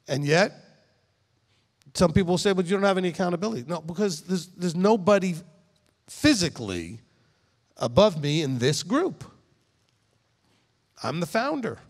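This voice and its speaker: A middle-aged man, the rabbi who founded the congregation, giving a conversational sermon in an emphatic manner, often checking in with listeners. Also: on the high side. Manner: animated, emphatic, speaks directly to listeners with frequent "okay?". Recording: long reverb in a hall.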